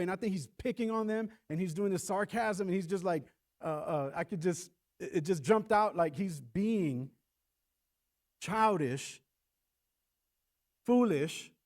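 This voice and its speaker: A man preaching a sermon as pastor, acting out voices and stumbling over repeated words as he starts a thought. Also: high voice. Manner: animated preaching, acts out voices.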